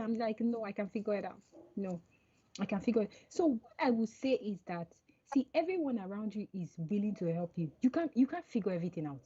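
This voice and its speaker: A woman's voice: medium pitch, brisk, breathy edge, lo-fi sound. A woman guest on a podcast call, chatting casually and acting out the lines of people in her stories. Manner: animated storytelling, acts out quoted dialogue. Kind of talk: casual interview chat.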